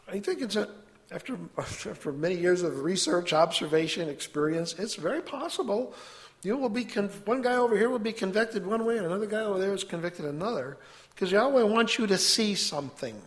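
High-voiced man preaching earnestly. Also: lively intonation. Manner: earnest, measured, quotes scripture. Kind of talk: sermon.

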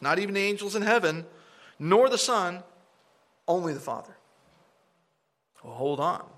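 Animated, emphatic male preacher. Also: a little high. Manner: animated, emphatic, mocking impressions of opponents. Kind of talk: sermon.

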